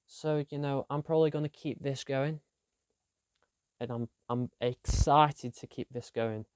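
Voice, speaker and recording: A man's voice: mid-range voice, fairly even intonation, a little slow, a little mellow, clean tone, no echo, studio quality. A young man, chatting casually about his week in a rambling, self-deprecating diary vlog. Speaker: vlogger.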